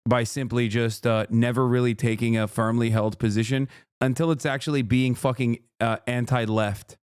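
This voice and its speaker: A man's voice: mid-range voice, fairly even intonation, moderate pace, a little mellow, clean tone, dry recording. A man livestreaming casual political commentary, ranting in a sarcastic, profane, heated way on a close mic.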